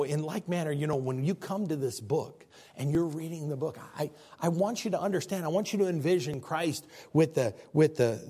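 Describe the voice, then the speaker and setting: A male pastor preaches emphatically, stumbling into repeated words as he builds. His husky voice sits a little high and ranges widely in pitch. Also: mellow. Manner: emphatic, repetitive restarts. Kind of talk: sermon.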